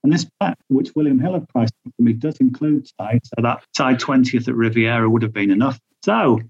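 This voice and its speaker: A man talking as a podcast tipster, rattling off results and odds with plenty of ums and uhs. His voice sits at a middling pitch. The recording is muffled and lo-fi. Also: normal speed, slightly rough. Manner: chatty, reels off stats and odds with frequent fillers. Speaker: golf betting tipster. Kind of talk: podcast chat. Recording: dull lo-fi audio.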